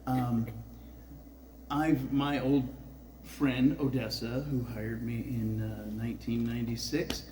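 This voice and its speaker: A man's voice: mid-range voice, steady tone, takes it slowly, mellow, slight background noise, poor audio. A man in his sixties telling a rambling, profane personal story on a festival stage, full of filler words. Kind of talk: live storytelling.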